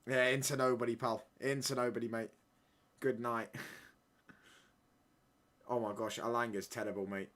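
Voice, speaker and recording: A young man live-streaming a football watchalong, reacting excitedly and bantering with viewers in slangy chat. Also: medium pitch, normal speed, pauses often.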